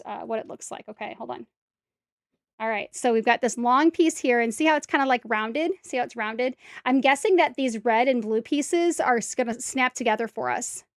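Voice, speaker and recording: In a dry, clean studio recording, a woman with a slightly high voice livestreams her brick-set build. She chats casually through each step with viewers and talks to herself as she fixes slip-ups.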